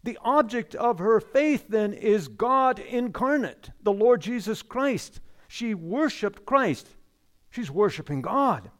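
A man preaching a sermon, stressing and repeating key phrases and letting his voice sink low and quiet at the ends of lines. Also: very animated, takes it slowly.

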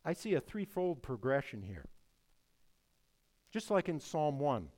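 A male pastor delivers a sermon in a lively, emphatic preaching voice. His pitch sits a little high and moves a lot, and he drops to hushed tones before rising to loud stresses. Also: a little slow.

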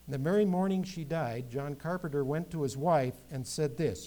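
A man's voice: on the high side, moderate pace, hardly any pauses, warm tone. A male pastor preaching a sermon to his congregation, rising into emphatic recitation when he quotes scripture.

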